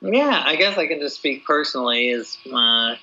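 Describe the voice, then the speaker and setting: A man's voice: mid-range voice, animated, normal speed, bright, forceful tone. A man being interviewed as an author, answering casually and hesitantly, with lots of fillers and restarts. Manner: hesitant, many "you know" fillers and restarts. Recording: dull lo-fi audio.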